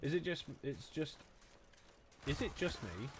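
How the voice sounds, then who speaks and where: Pausing often and speaking a little slowly, an English gaming streamer with an Essex accent uses a medium-pitched, sing-song voice. He rambles and swears jokingly in casual commentary on a shooter, with gunfire and other background noise behind him.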